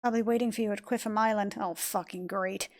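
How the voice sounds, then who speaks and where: A woman voicing a mysterious, calm young boy from a game cutscene, speaking in a soft, measured, cryptic way. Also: medium pitch, lightly acted. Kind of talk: reading game cutscene lines aloud.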